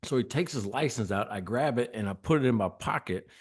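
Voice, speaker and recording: A man's voice: medium pitch, expressive, fairly quick. A man telling a long story as a podcast guest, acting out quoted lines and laughing often. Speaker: guest, former state trooper.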